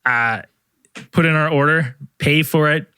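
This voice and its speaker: A man's voice: on the high side, measured pace, clean tone, no echo, clean studio sound. A man co-hosting a podcast, retelling a night out in casual chat and acting out what people said. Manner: animated retelling, acts out quoted lines. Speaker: podcast co-host.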